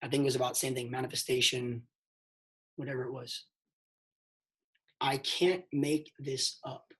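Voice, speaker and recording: A man telling a motivational story on a mentorship call, emphatic and excitable, swinging between hushed and loud and calling listeners "bro". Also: mid-range voice, moderate pace. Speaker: network marketing mentor.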